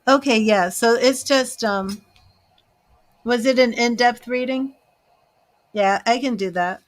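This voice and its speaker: A woman giving live tarot readings, chatting to viewers, reading their questions and turning cards, emotional and chatty. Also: on the high side. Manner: slow, chatty, emotional, talks to viewers by name. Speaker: tarot reader and psychic.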